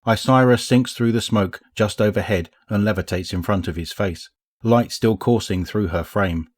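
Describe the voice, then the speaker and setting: A man narrating a story as an audiobook reader, in a measured, even way. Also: lowish voice, dry recording, clean studio sound. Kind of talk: scripted narration.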